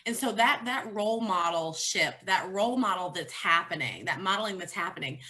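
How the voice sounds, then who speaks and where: A woman's voice: on the low side, expressive, brisk, bright, forceful tone. A pregnant woman talking candidly and from the heart as the featured guest in a casual chat about motherhood.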